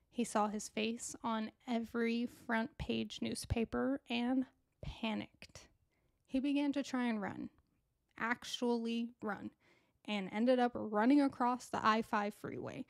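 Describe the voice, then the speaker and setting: A woman's voice: fairly high pitch, no echo, studio quality. A woman hosting a true crime podcast, narrating in a chatty, casual way with asides to her listeners. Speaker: podcast host.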